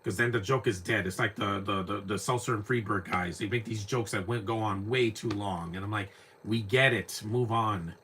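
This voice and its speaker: A man's voice: fairly low pitch, fairly even intonation, brisk, few pauses, fairly bright tone, slight background noise. A young man giving casual live commentary on an old movie, rambling and repeating words as he searches for names.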